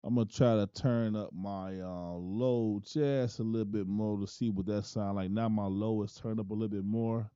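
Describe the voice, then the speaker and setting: A man casually testing his microphone setup, thinking out loud and often ending lines with "man". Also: fairly low pitch, fairly even intonation, moderate pace, few pauses, clean tone, no room sound, lo-fi sound. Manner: laid-back, thinking aloud, often tags lines with "man". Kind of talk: casual mic-check talk.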